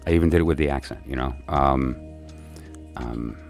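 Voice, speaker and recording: A man with an extremely deep, low voice, chatting casually and tiredly on a livestream. He rambles, circles back, and fills his gaps with plenty of ums and uhs. A faint bed of music plays quietly behind him. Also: normal speed, vocal fry. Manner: rambling and chatty, many fillers and restarts. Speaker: livestream host chatting with viewers.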